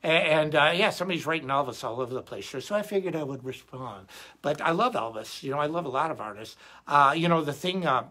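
A middle-aged man hosting a guitar live stream, chatting casually and rambling in an animated way, often restarting his sentences. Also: fairly high pitch, quick pace. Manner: rambling, animated, self-interrupting. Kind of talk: casual livestream chat.

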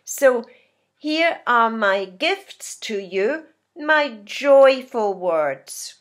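A woman from Scotland teaching an English lesson on feeling words, speaking deliberately and acting out example sentences. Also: fairly high pitch, animated. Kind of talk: slow classroom English lesson. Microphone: filmed speaking, writing on a board.

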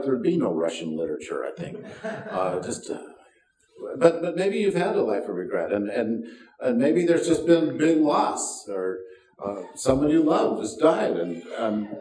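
A man's voice: mid-range voice, darkish tone. An older man preaching a sermon as pastor, folksy and self-deprecating, with wry asides. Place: church sanctuary. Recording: roomy sound from a distance.

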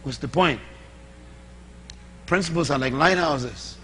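A man preaching a sermon, telling stories in an animated, humorous way with asides. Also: a little high, takes it slowly. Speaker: pastor. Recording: echoey hall, faint hum.

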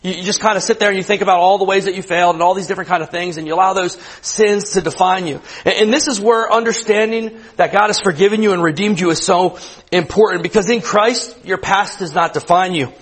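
A man in his thirties with a high, husky voice gives a youth sermon. He preaches conversationally, often repeating a word before finishing a thought and checking in with his listeners. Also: fairly even intonation, fast talker, fairly bright tone, low-quality recording. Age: 30s. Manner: conversational preaching, repeats words, asks the room questions. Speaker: youth pastor. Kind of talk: sermon to students.

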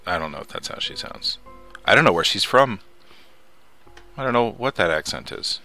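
A man with a low, gravelly voice and a bright, edgy tone chats his way through a survival game. He mutters to himself between actions and swears when something startles him. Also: animated, moderate pace, long pauses, no echo, faint music behind. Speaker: let's play host. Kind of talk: casual gameplay commentary.

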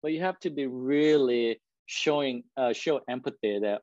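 A man's voice: mid-range voice, moderate pace, hardly any pauses, a little mellow, no echo, lo-fi sound. Man speaking English as a second language. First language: not English. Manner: conversational, keeps checking in with "right?". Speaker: guest speaker. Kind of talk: presentation to an audience.

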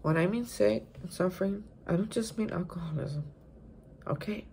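A woman's voice: mid-range voice, moderate pace, dark tone, slight background noise. A woman giving a casual spoken daily reflection on recovery from a hotel room. She talks emphatically and repeats words for stress. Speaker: recovery vlogger.

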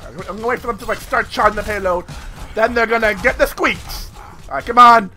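A man giving excitable live gameplay commentary, playful and repetitive, swearing now and then. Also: very high-pitched, brisk, creaky, slight background noise. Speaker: gaming video creator.

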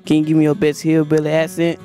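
A man's voice: a little high, completely flat delivery, quick pace, warm tone, soft background music. A teenage boy hosting casual hallway interviews for a school news show, playful and joking. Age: teens. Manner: playful, goofs in a put-on drawl. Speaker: student hallway host.

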